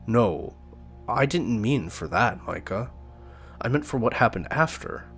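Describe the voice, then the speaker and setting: A man voices an accented young man from a story game, speaking higher than his own low voice. He sounds hesitant and apologetic. Faint music sits behind. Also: animated, a little slow, vocal fry. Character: soft-spoken, regretful young man with an accent.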